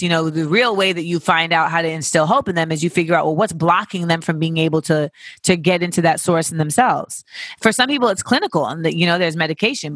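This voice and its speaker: A podcast host giving casual advice in an animated way, with profanity and joking asides. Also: medium pitch, dry recording. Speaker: podcast host answering listener questions.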